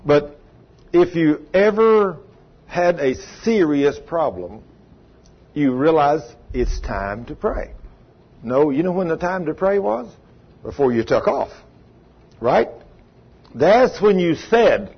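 A man's voice: a little high, expressive, slow, long pauses, husky. An older man, preaching a conversational sermon in a folksy, earnest way and often asking his listeners questions. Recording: dull lo-fi recording.

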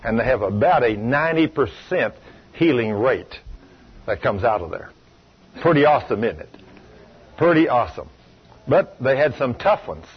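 A man's voice: mid-range voice, lively intonation, normal speed, long pauses, breathy edge. A man preaching a sermon, telling stories emphatically and asking the congregation rhetorical questions. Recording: dull lo-fi recording.

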